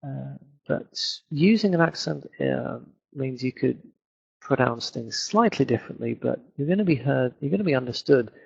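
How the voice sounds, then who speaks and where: A man's voice: mid-range voice, expressive, moderate pace, gravelly, slightly rough, lo-fi sound. A man with a Northern English accent, an English teacher answering viewer questions in a webinar, explaining things with many fillers. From England. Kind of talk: webinar Q&A lesson.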